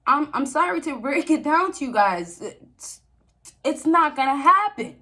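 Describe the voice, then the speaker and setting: A woman's voice: high-pitched, lively intonation, unhurried, sharp tone. A young woman giving relationship advice to men in a casual, preachy vlog, repeating herself for emphasis and laughing often. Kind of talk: casual direct-to-camera advice talk.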